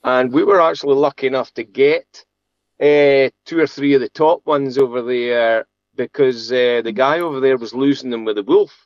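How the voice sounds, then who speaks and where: A man's voice: medium pitch, no echo, highs cut off. Chatty man telling a tale. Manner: chatty, halting, laughs often, many restarts. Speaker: sheep farmer and guest. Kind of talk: casual storytelling interview.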